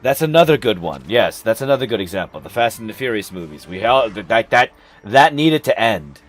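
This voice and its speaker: A man's voice: on the low side, sing-song, fairly quick, soft background music. Profane ranting man on a game stream. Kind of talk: casual live-stream chat.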